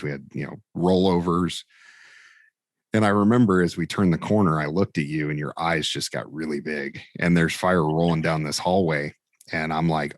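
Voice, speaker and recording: Man, deep voice, fire instructor, casual storytelling, animated quoted dialogue, dry sound. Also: no room sound. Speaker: fire training instructor, podcast guest.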